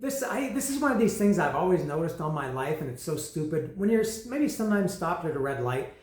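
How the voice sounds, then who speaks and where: A man's voice: fairly high pitch, very animated, a little fast, a little mellow, reverberant. A man giving a casual, rambling album review, often restarting his sentences and poking fun at his own explanations.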